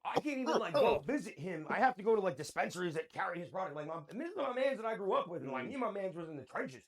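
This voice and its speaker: A man in his thirties chats on a podcast in a high, lively voice that leaps up and down as he gets worked up. He spins his stories with a steady stream of slang and casual swearing. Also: gravelly. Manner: excitable storyteller, heavy slang and swearing. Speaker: podcast co-host. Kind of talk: casual chat.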